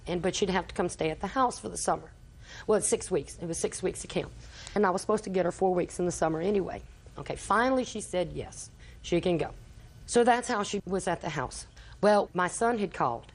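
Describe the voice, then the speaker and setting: Testifying as a litigant on a TV courtroom show, an older grandmother tells her story at length and acts out everyone's quoted lines. She speaks briskly in a lowish voice.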